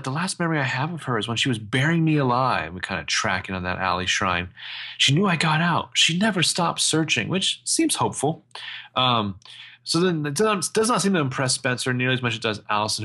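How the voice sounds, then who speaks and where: A man's voice: mid-range voice, pushed and bright. A man co-hosting a casual podcast, recounting scenes of a TV episode and reading characters' lines. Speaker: podcast co-host recapping a TV episode. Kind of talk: casual recap chat.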